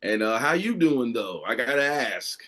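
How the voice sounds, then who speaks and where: A man's voice: medium pitch, very animated, normal speed, a bit bright. A man co-hosting a podcast in casual chat, sounding nasal as he recovers from a cold. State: nasal, just over a cold. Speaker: podcast co-host.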